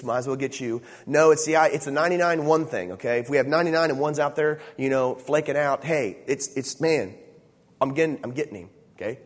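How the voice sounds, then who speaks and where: A man's voice: fairly high pitch, in a large hall. A man preaching a sermon as pastor, emphatic and checking in with frequent asides to the congregation.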